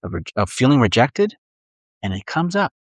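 Man, middle-aged pastor, sermon, animated, acts out voices, dry sound. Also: medium pitch, moderate pace, no echo.

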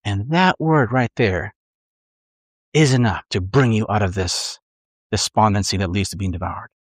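A middle-aged man preaching a sermon in a conversational, animated way, acting out inner voices. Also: lowish voice, normal speed, no room sound, clean studio sound. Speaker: pastor.

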